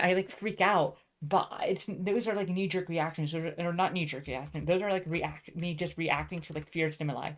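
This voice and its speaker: Woman ranting, swearing, lower-pitched voice. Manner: profane, rambling rant with many fillers and restarts. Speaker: vlogger. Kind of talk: casual venting monologue.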